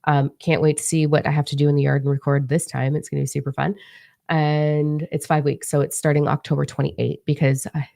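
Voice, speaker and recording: Low gravelly woman, chatty and animated. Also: a little fast, no echo, studio quality. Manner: chatty, profane, animated storytelling. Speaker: spiritual teacher and author. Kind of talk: casual vlog monologue.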